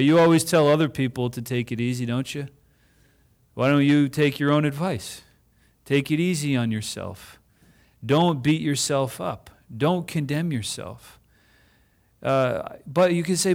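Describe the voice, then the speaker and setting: A man preaching a sermon in a conversational way, asking the congregation questions and voicing imagined speakers. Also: a little high.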